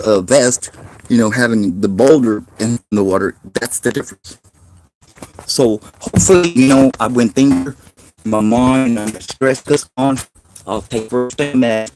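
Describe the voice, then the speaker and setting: A man's voice: medium pitch, a little mellow, a little hiss or hum. A worn-out man talks in a rambling, emotional video diary, swearing heavily as he speaks. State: worn out after illness. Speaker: vlogger.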